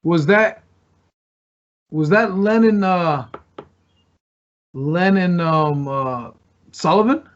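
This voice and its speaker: A former pro wrestler guests on a podcast, telling wild road stories in casual chat. His high-pitched voice is animated yet very slow, with frequent pauses, and he swears freely and laughs a lot. The recording sounds muffled and lo-fi.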